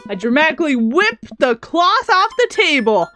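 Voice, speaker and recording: A woman's voice: sits high, big pitch swings, normal speed, few pauses, pushed and bright, soft background music. A woman hosting a gaming video, reading a dating game's narration aloud with bubbly, emotional reactions.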